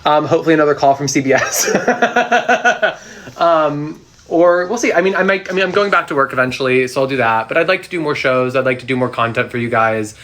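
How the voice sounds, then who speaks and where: Young guy on a phone live from home, sassy and chatty, bright clear voice. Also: on the high side, animated. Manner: chatty and sassy, quick comebacks. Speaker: live-stream host answering fan questions. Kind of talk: casual live Q&A chat. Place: at home, sitting on the floor.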